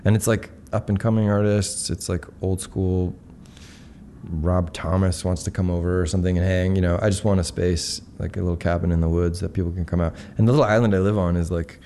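A middle-aged man from Colorado with a very low, dark, mellow voice. He chats as a guest in a relaxed, rambling manner, full of fillers, on a studio microphone with faint background noise. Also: brisk. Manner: laid-back, rambling, many fillers. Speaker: musician guest. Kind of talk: casual interview chat.

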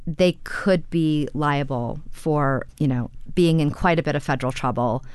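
A woman's voice: sits low, a little slow, a little mellow, clean tone, no echo. A woman reporter explaining her story in a conversational radio interview, with frequent "you know" fillers.

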